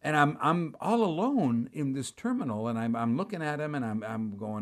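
A man preaching, telling a personal story with animated delivery, acting out the dialogue and repeating words. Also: fairly high pitch, moderate pace, few pauses. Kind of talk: storytelling sermon.

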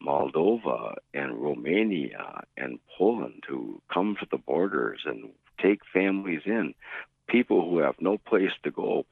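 A man's voice: extremely low pitch, sing-song, a little slow, vocal fry, dry recording. A middle-aged man preaching a radio sermon, telling stories and acting out the voices of the people in them. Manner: storytelling, acts out quoted voices. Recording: tinny phone-like radio broadcast.

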